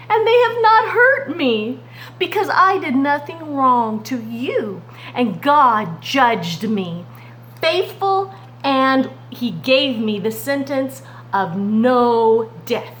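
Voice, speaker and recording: A woman voicing a calm, faithful man in a children's Bible story, speaking earnestly and steadily. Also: high-pitched, slow pace, full character voice, rough recording.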